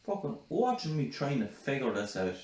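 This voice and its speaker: A man's voice: mid-range voice, huge pitch swings, moderate pace, a little mellow, echoey room, recorded from a distance. A man telling a story in casual chat, laughing often as he goes.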